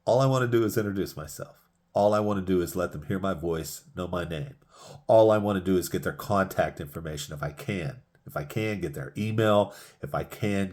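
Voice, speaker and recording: A man giving a motivational sales lesson, emphatic and repeating key phrases for punch. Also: low voice. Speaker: sales trainer.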